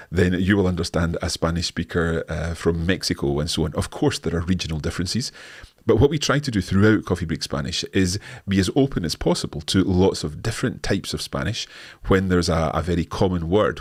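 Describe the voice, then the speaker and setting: Deep-voiced Scottish man answering questions. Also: breathy edge, no echo, studio quality. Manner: friendly, explanatory, frequent restarts. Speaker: language course host. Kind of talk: live Q&A, casual explaining.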